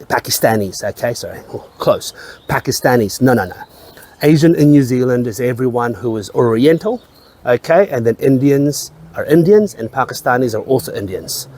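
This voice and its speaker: A man's voice: mid-range voice, a little mellow. A man reviewing whisky in a casual chat, rambling, repeating his phrases and swearing now and then. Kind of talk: casual tasting-note chat.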